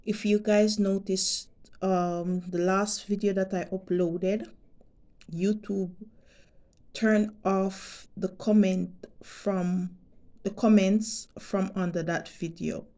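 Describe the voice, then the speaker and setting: A Jamaican woman vlogging to her subscribers, talking deliberately and emphatically and repeating her points. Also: medium pitch, steady tone, mellow. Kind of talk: direct-to-camera monologue.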